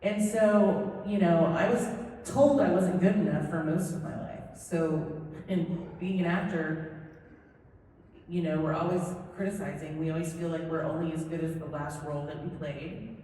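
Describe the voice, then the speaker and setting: A woman's voice: lowish voice, normal speed, distant mic, slight background noise. Chatty woman in an echoey hall. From Southern California, USA. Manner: chatty, animated, self-deprecating joking. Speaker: voice actor, convention panel guest. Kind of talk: convention Q&A storytelling. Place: convention panel room.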